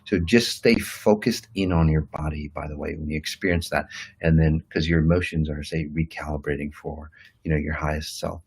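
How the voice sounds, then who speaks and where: Low husky-voiced man, rambling teacher. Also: fairly even intonation, moderate pace, darkish tone, rough recording. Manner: loose, rambling delivery with many fillers and restarts; acts out quoted inner voices. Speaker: self-help teacher. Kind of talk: motivational talk to an online audience.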